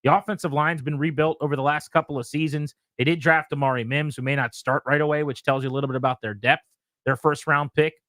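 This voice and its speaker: A man's voice: fairly high pitch, steady tone, fast, a bit bright, no room sound. A man hosting sports radio talk, methodically running through players and picks for each team.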